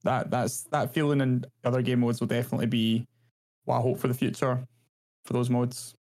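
A man speaking as a guest on a gaming podcast, quick and enthusiastic. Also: medium pitch, little pitch movement, a little mellow. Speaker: podcast guest, content creator. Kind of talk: casual podcast chat.

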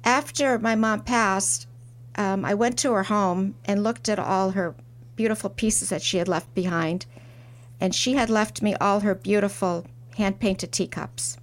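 A middle-aged woman, a porcelain artist, telling a reflective story in an interview with soft restarts. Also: mid-range voice, fairly even intonation, a little slow. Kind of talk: interview conversation.

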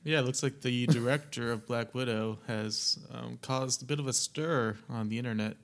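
A man co-hosting a podcast in casual chat, measured and matter-of-fact. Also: mid-range voice, steady tone, a bit bright. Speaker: podcast co-host.

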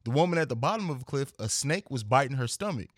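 A man's voice: mid-range voice, animated, quick pace, dry recording. Earnest, reflective man, dry close sound. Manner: reflective, earnest, repeats words while thinking. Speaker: podcast host. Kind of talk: casual podcast conversation.

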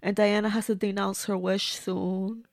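A woman's voice: medium pitch, little pitch movement, normal speed, darkish tone, no echo, clean studio sound. A woman reacting to a movie as she watches it, gushing and blunt, talking back at the screen. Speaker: movie reviewer. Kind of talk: casual movie reaction commentary.

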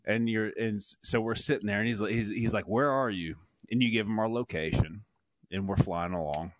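A man's voice: fairly low pitch, normal speed, no echo. A man and former front-seat pilot telling a cockpit story in a casual group interview, laid-back and swearing, with lots of fillers. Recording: dry, dull lo-fi audio.

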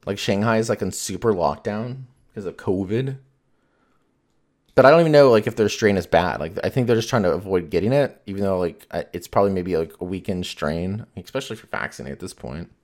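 Low-voiced man rambling casually. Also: a little fast, a little mellow. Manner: rambling, profane, filler-heavy. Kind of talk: casual chat.

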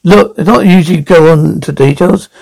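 A man's voice: on the high side, moderate pace, gravelly, darkish tone, poor audio. A man playing a stiff, formal anger-management counsellor in a comedy sketch, defensive and correct in the way he speaks. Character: prim, touchy male anger-management counsellor.

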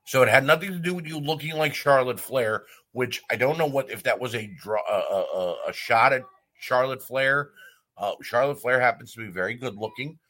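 A man's voice: mid-range voice, moderate pace, fairly bright tone. A man hosting a wrestling talk show, delivering a blunt, heated opinion rant with frequent fillers and restarts. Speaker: wrestling podcast host.

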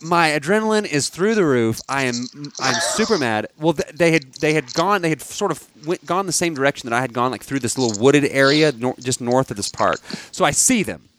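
A man in his thirties co-hosting a podcast, telling a long story in a casual chat with frequent restarts. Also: on the high side. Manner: animated storyteller, restarts and laughs, bursts into shouts. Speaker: podcast co-host.

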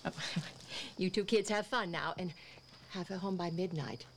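A doting older grandmother in a TV drama, gushing sweetly over a young man. Her voice sits fairly low, with a faint hiss of background noise behind it. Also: measured pace. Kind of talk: TV drama dialogue.

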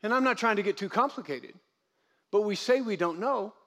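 A pastor with a high, light voice preaches a sermon at a church service. He is animated and acts out the voices of the people he quotes, and he repeats key phrases to drive them home. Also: brisk.

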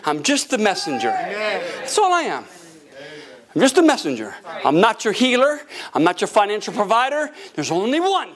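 Male pastor, middle-aged, high voice, preaching live in a church, dynamic swings from hush to shout. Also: huge pitch swings, normal speed. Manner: tells a story with quoted dialogue. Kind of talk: sermon. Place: church sanctuary before a congregation.

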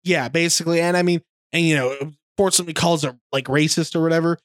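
A man co-hosting a podcast, retelling film scenes in casual chat with animated delivery. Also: on the high side, fast, no echo. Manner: animated storytelling, slips into a mimicked accent. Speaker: podcast co-host.

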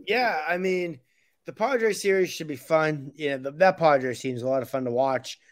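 A man's voice: a little high, normal speed, no echo, studio quality. A man co-hosting a casual sports podcast, opinionated and blunt, rambling with restarts. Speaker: podcast co-host.

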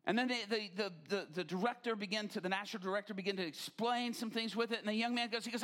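A middle-aged man preaching a sermon, telling stories animatedly and rising to near-shouts. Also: high-pitched, fairly even intonation, quick pace, hardly any pauses. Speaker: pastor.

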